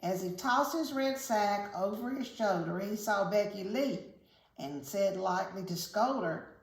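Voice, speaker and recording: A woman reading a picture book aloud to children, with gentle, chatty asides. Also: mid-range voice, unhurried. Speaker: children's story reader. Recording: echoey room, faint hiss.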